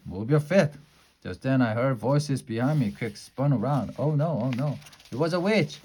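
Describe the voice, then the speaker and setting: A man reading a children's chapter book aloud in a lively storytelling way, now and then stumbling over a word. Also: fairly low pitch. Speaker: storybook reader.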